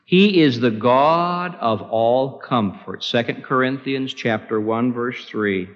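A man preaching a sermon with impassioned, pleading delivery, his voice climbing high in prayer. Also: takes it slowly. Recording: dull lo-fi recording with long hall reverb.

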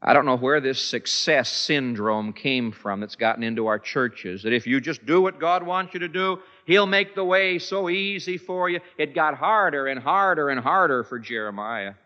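A male pastor delivers a sermon with a bright, forceful voice, leaning on repeated words to drive each point home. He sits a little high for a man. The sound rings with a long hall reverb and comes through a dull, lo-fi recording. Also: normal speed, hardly any pauses. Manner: emphatic, repeats words for effect.

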